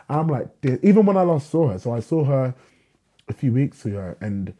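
A young man, telling a lively story in a casual podcast conversation, acting out dialogue and swearing freely. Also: mid-range voice, brisk. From England. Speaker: guest, writer.

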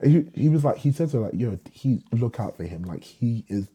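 A young man, telling a lively story in a casual podcast conversation, acting out dialogue and swearing freely. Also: medium pitch, a little fast, husky. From England. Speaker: guest, writer.

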